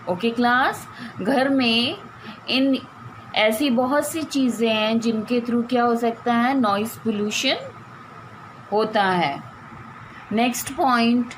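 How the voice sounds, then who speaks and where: A woman's voice: on the high side, very fast, long pauses, slight background noise, poor audio. A woman teacher with an Indian English accent giving a classroom lesson, reading phrase by phrase and repeating key words. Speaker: school teacher. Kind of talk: slow classroom lesson explaining a textbook.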